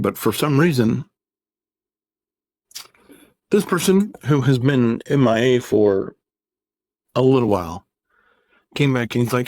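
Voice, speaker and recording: A man's voice: medium pitch, unhurried, pauses often, darkish tone, no room sound. A man in his thirties, a gaming YouTuber, ranting in a casual vlog, rambling, exasperated and sarcastic.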